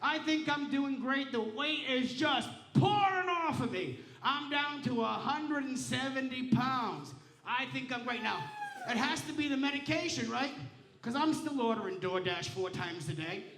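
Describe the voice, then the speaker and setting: A man's voice: very high voice, expressive, a little slow, fairly bright tone. A man doing a stand-up comedy set on a casino stage, telling stories in a brash, profane, punchy way. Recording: roomy casino showroom sound.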